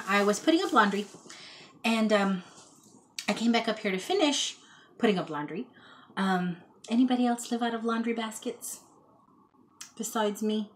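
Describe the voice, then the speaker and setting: A talkative woman with a drawl rambles through a thrift haul vlog, full of folksy asides. Her voice sits at an ordinary middle pitch, and there is a faint hiss in the background. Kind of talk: casual chat to camera. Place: child's bedroom at home.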